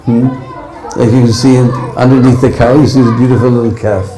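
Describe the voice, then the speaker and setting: A man's voice: medium pitch, steady tone, brisk, dark tone, reverberant, a faint crowd, low-quality recording. A man preaching a devotional story sermon, often tagging lines with "hmm?" and "huh?".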